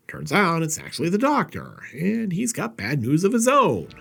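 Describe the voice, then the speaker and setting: A man with a husky edge to his voice delivers a sarcastic, wisecracking recap of an old horror film. His pitch swings widely as he jokes. He sounds like a host riffing his way through the plot. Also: wildly swooping pitch, moderate pace, few pauses. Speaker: horror movie reviewer. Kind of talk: comedic movie recap commentary.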